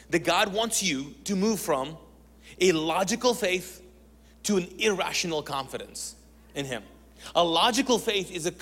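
A high-voiced man preaches a sermon, acting out both sides of a conversation in an animated way. His voice rings out with a long hall reverb that fills a large church space. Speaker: pastor.

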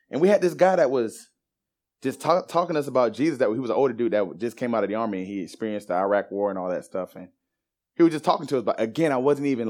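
Man telling his faith story animatedly. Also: lowish voice. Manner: animated storyteller who acts out quoted voices. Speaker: speaker giving a personal testimony. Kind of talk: personal faith testimony.

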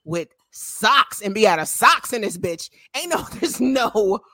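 A woman's voice: on the high side, very animated, unhurried, sharp tone. A woman co-hosting a podcast in casual chat, blunt and profane, breaking into laughter often. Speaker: podcast co-host.

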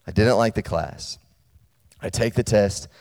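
A man with a low-leaning voice preaches to college students at a measured pace, keeping it conversational and checking in with them. When he tells a personal story he becomes loud and animated. Long hall reverb colors the recording.

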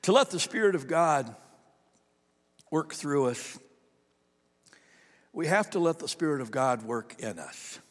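A man preaching a sermon as a pastor, animated, moving between loud emphasis and soft storytelling. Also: fairly high pitch, unhurried, long pauses. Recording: long hall reverb.

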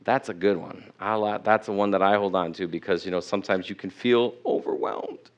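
In a muffled recording, a middle-aged man preaches a church sermon in a lowish, steady voice at a slightly quick pace. As pastor, he reads scripture aloud with self-corrections and poses questions to the people.

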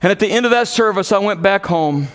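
A man preaching a sermon, telling a story emphatically and growing loud when he quotes others. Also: high voice, expressive, fast talker.

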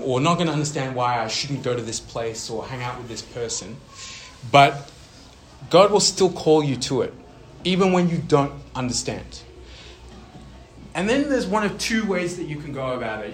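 A man preaching a sermon in a chatty, animated way, often throwing questions at his listeners. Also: mid-range voice.

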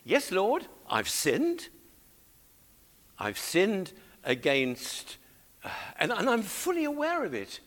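A man's voice: high voice, huge pitch swings, takes it slowly, long pauses, a bit bright, pitched above the performer's own voice, heavily acted. A man voicing a repentant king, pleading fervently for mercy in prayer.

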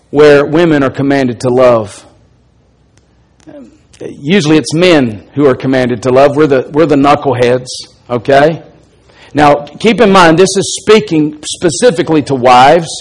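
A middle-aged man with an Alabama accent preaches from the pulpit. His voice sits somewhat high, and he tells stories with rising, emphatic force. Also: rough recording. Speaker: pastor. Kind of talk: sermon.

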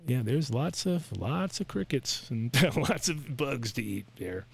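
A man's voice: mid-range voice, big pitch swings, unhurried, creaky, husky. Brash, playful male podcast host. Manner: brash and playful, rattles off lists. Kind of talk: casual chat.

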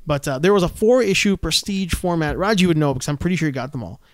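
A man co-hosting a casual podcast chat, animated and joking, often breaking into restarts. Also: on the high side, fast talker, no echo, studio quality. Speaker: podcast co-host.

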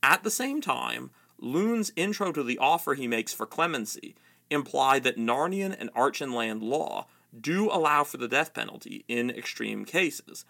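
A man giving reflective, analytical commentary on a novel and reading passages aloud in a steady way. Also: medium pitch, unhurried, gravelly. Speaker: book commentator.

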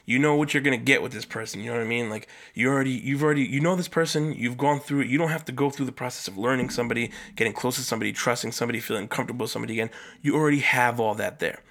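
A male podcast host talking on his own in a loose, rambling monologue. His voice sits at a middle pitch, and he leaps much higher when he stresses a point. He swears freely and fills his talk with "like" and "you know.". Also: very fast. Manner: casual, rambling, frequent swearing and fillers; animated, jumps up in pitch for emphasis.

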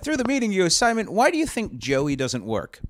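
A Canadian man in his forties, a comedian chatting casually, telling animated stories with frequent laughs, swearing and quick impressions of people. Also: high voice, slight background noise. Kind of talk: casual chat.

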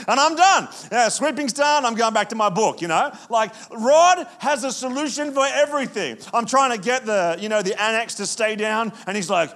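Male pastor, fairly high voice, lively sermon with anecdotes. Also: normal speed, few pauses. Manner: animated storytelling with frequent restarts.

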